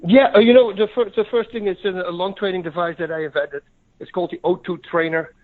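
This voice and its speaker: A man's voice: sits high, fairly even intonation, quick pace. A middle-aged man and former fighter, a guest in a casual podcast interview, talking eagerly and rambling with many restarts. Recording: tinny phone line.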